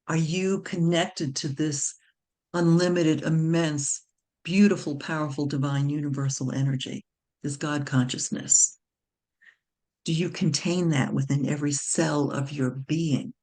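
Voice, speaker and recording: A woman, a naturopathic doctor giving a motivational webinar talk, slow and emphatic, repeating key phrases like a mantra. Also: low voice.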